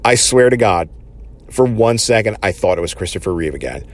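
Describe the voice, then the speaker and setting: A man's voice: on the low side, expressive, fairly quick. A man casually recapping a TV episode, enthusiastic and rambling, with many fillers.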